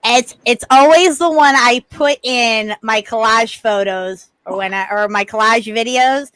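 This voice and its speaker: A woman chatting casually as a guest, telling stories in an animated way and swearing freely. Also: fairly high pitch, a little slow, clean tone, dry recording. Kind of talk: casual chat.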